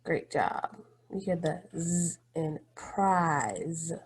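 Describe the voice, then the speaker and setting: A woman's voice: low voice, animated, drawn-out words, a little hiss or hum. A woman teaching a phonics lesson to young children, patient and encouraging, drawing out each word.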